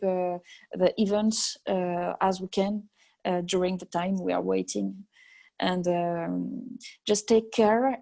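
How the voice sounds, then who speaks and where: A woman's voice: medium pitch, warm tone. A French woman speaking English as a second language in an online interview, hesitant and full of fillers as she searches for words. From France. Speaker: harmonica player. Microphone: video call.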